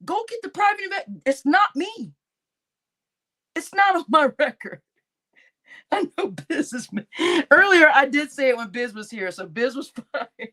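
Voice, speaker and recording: A woman's voice: high voice, unhurried, pauses often. A woman hosting a casual livestream, chatting with her audience, laughing often and swearing as she reads comments. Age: adult, grown-up. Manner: animated, laughing, swearing, addresses chat as y'all. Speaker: livestream host.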